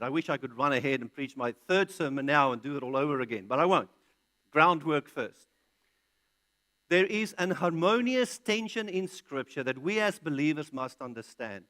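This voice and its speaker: A man's voice: on the high side, sharp tone. A man preaching an expository sermon, reading scripture aloud and answering his own questions with emphatic, punched key words. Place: large church hall.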